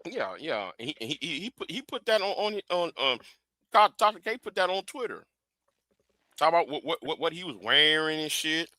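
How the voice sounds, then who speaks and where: A man hosting a casual livestream chat, halting and repeating his words as he talks. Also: on the high side, sing-song, pushed and bright, no room sound. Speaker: livestream host.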